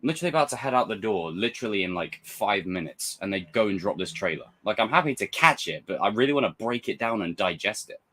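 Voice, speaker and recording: A man hosting a reaction video, talking in an excitable, rambling way with frequent restarts and swearing. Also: fairly low pitch, fast, few pauses. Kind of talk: casual reaction commentary.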